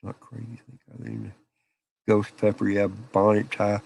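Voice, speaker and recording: A man's voice: fairly low pitch, level tone, takes it slowly, vocal fry, a little mellow, no room sound. Folksy man chatting on a live stream. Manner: folksy storyteller, laughs often. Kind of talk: casual live chat with viewers. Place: small office out back.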